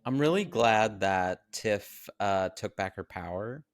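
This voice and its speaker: A man's voice: lowish voice, expressive, slow pace, smooth, no room sound. A man co-hosting a podcast, giving loose casual commentary on a film with lots of fillers. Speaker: podcast co-host. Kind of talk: casual chat about a film.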